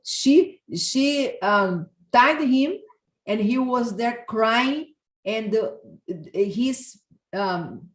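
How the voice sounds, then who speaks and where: A woman gives a devotional class talk, telling her story slowly. She laughs and often halts and restarts, and her voice rings in an echoey room. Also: mid-range voice. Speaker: devotional speaker.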